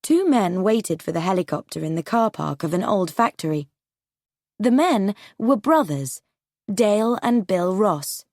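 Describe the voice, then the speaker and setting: Lady reading a story for english learners, super slow and clear, very animated. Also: mid-range voice, no echo, studio quality. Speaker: narrator. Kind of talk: graded-reader story narration for learners.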